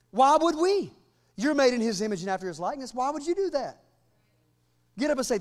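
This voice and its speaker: High-voiced man preaching with fervor. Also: very animated, fast. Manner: rising to loud, fervent declarations; humorous asides to the congregation. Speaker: pastor. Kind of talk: sermon.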